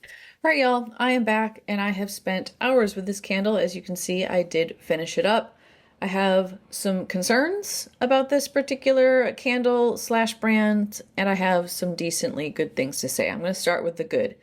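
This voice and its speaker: A woman's voice: medium pitch, moderate pace. A woman, giving a chatty, detailed candle review and thinking aloud as she goes. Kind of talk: casual review vlog.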